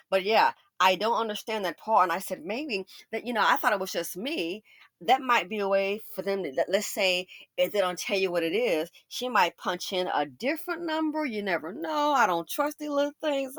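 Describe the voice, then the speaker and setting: A woman hosting a casual commentary monologue, telling personal stories in an animated way and acting out the voices of the people she quotes. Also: dry recording. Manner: animated storytelling, acts out quoted voices with big pitch jumps. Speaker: commentary channel host.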